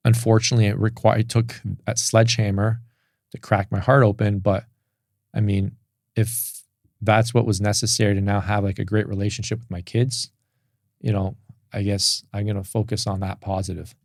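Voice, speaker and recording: A man's voice: fairly low pitch, little pitch movement, moderate pace, darkish tone, no echo, clean studio sound. A man speaking as a podcast guest, telling an emotional personal story in a candid, open way with many restarts. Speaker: podcast guest, business coach.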